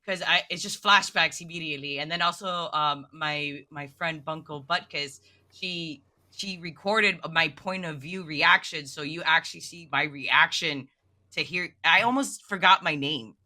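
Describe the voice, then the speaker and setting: This guest, a miniature painter, speaks with a low pitch and a measured pace. Her casual podcast chat is emotional and excitable, packed with "like" fillers.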